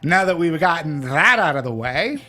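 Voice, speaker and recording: A man's voice: fairly high pitch, expressive, sharp tone. Chatty male movie-review podcast host. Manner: chatty, halting with restarts and laughs. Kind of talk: casual movie review chat.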